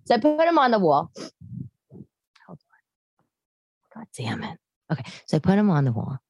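Low, gravelly-voiced chatty woman in her thirties. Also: wildly swooping pitch, normal speed, darkish tone, no echo. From New York. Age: 30s. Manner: chatty, rambling, self-deprecating asides. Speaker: podcast host. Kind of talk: casual monologue to camera. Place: her living room. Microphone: camera setup at home.

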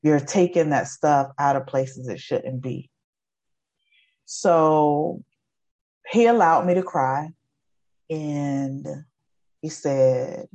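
A woman's voice: low-pitched, very slow, long pauses, darkish tone, muffled recording. A woman in her forties, an educator, giving an emotional personal testimony in an earnest, repetitive storytelling way. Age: 40s. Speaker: guest, educator.

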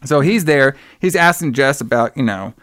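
A man's voice: medium pitch, expressive, moderate pace, fairly bright tone, no echo, clean studio sound. Rambling man retelling a movie plot. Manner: rambling, swears freely, acts out characters' lines. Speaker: podcast co-host recapping a horror film. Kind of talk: casual chat.

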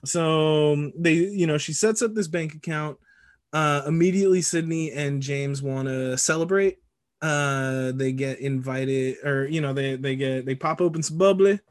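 A man co-hosting a casual movie podcast, recapping scenes in a lively, joking way with frequent laughs and casual swearing. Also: a little high, measured pace. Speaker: podcast co-host.

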